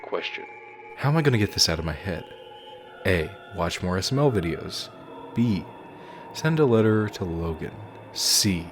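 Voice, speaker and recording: Low-voiced man reading a horror story. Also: very animated, normal speed, soft background music. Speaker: narrator.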